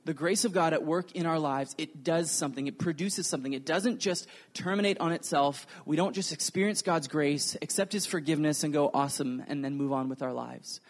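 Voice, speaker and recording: A man preaching a sermon, earnest and animated, acting out the quotes in his stories. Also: a little high, fairly quick, few pauses. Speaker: pastor.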